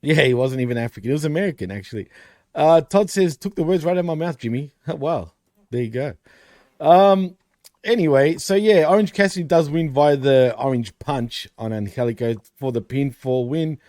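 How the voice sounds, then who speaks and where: A man's voice: on the high side, animated, moderate pace, dark tone, dry recording, clean studio sound. A man co-hosting a casual wrestling recap show, laughing often and swearing, calling his co-host dude and bro.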